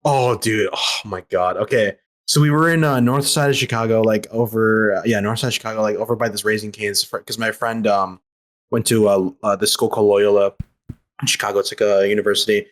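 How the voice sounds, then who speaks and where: Fast-talking young man telling stories. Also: fairly low pitch, fairly even intonation. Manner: rapid, profane, filler-heavy storytelling. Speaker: podcast participant. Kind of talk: casual chat, storytelling. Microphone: remote call over voice chat.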